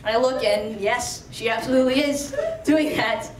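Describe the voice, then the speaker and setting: Brief: high-pitched woman, chatty live storyteller, roomy hall, distant mic. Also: normal speed, slight background noise. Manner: chatty, animated, lots of "like". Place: storytelling stage before an audience.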